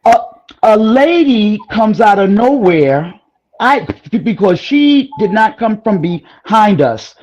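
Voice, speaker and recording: A woman guest in a casual chat, telling a personal story in an animated, rambling way with frequent exclamations. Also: medium pitch, slow, slight background noise, rough recording.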